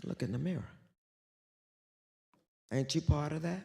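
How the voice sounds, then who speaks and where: A woman speaking as an author and guest on a theater stage, loud and bawdy, swinging between shouts and hushed whispers. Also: sits low, animated, a little slow, gravelly, pauses often. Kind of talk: animated live stage talk. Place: theater stage before an audience.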